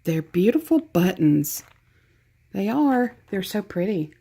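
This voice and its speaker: This woman's mid-range voice is dark and husky, with vocal fry and a slow, sing-song delivery. She has a Southern US accent and chats away while opening a craft gift package, gushing over it and poking fun at herself.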